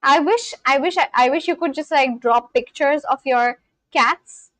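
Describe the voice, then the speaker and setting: Here a livestream host from India talks casually, laughing a lot as she reads and replies to the chat. Her high, slightly bright voice moves unhurriedly and carries no echo.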